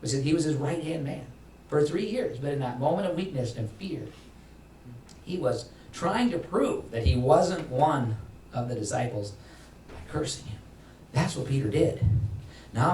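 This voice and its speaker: A man preaching a sermon as pastor, emphatic, climbing in pitch and loudness to stress his points and acting out quoted voices. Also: animated, moderate pace. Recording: echoey hall from far off, faint noise.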